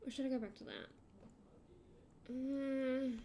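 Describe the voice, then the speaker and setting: An Australian woman streaming a game, chatting casually in an excitable, rambling way. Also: sits high, slow pace, slight background noise. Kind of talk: casual chat while gaming.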